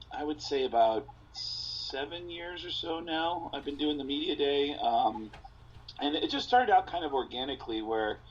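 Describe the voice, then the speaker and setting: A man's voice: mid-range voice, slightly rough, dull audio. A man, a comedian, telling stories in casual chat and acting out the voices of people in them. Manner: animated, acts out voices in his stories. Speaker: comedian guest. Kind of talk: casual storytelling.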